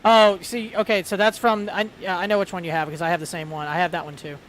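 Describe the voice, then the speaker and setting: A man's voice: high-pitched, little pitch movement, fast talker, a bit bright, slight background noise. A man streaming a flight sim, chatting casually with lots of fillers and rambling asides. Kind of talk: casual chat.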